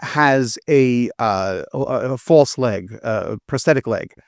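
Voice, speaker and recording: A man's voice: mid-range voice, slow, gravelly, no echo. Guy film critic rambling about a movie, dry studio mic, acts out the lines. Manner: chatty, acts out characters' lines in quotes. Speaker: film reviewer. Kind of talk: casual podcast chat.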